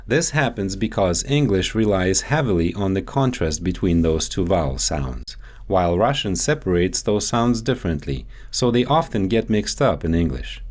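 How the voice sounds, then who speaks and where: A man speaking as a dialect coach, giving a measured, explanatory scripted instructional voice-over. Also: low-pitched, lively intonation, darkish tone.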